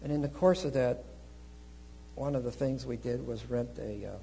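A man preaching a sermon, telling a travel story with lively swings between quiet asides and loud exclamations. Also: medium pitch, moderate pace, creaky, a little hiss or hum, poor audio. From United States.

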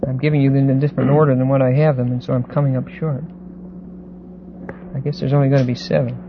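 A man lecturing a Bible class, pausing and repeating words and often checking that students follow. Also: mid-range voice, flat delivery. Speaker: Bible teacher. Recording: dull lo-fi recording with faint hiss.

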